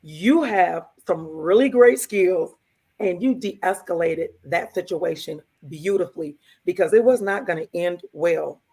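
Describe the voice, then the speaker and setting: A woman's voice: on the low side, measured pace, mellow, slightly rough. A woman co-hosting a podcast, telling a personal story casually and quoting the dialogue as she goes. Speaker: podcast co-host.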